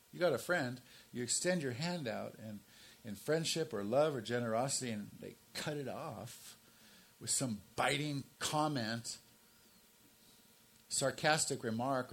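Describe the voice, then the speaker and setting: A man in his sixties preaching a sermon as pastor, swinging from emphatic, raised stresses down to low, quiet asides. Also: vocal fry. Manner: emphatic, rises to forceful stresses then drops low and quiet.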